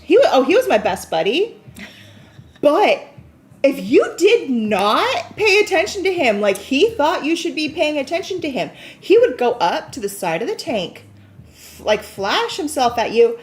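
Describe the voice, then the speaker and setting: Animated high-voiced woman co-host. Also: a little slow. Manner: animated storyteller, laughs often. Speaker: co-host of live crystal show. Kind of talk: casual chat.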